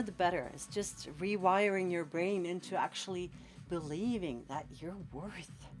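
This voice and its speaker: A woman in her forties from Scandinavia chats to viewers on a late-night stream, her voice sitting low. She rambles through stories full of "like" and urges people to believe in themselves. Faint music plays behind her at home. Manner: rambling, animated, encouraging, lots of "like". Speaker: tattoo artist streaming live. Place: at home in a cold room, painting.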